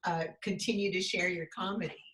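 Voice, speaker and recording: A woman's voice: fairly low pitch, fairly even intonation, brisk, a bit bright. Woman talk show host asking questions. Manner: conversational interviewer.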